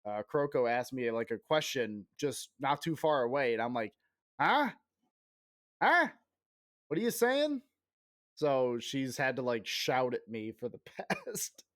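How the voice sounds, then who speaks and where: In a clean, studio-quality recording with no room sound, a medium-pitched man in his thirties chats casually on a game stream. He rambles, pokes fun at himself and curses, still coughing occasionally as he gets over being sick.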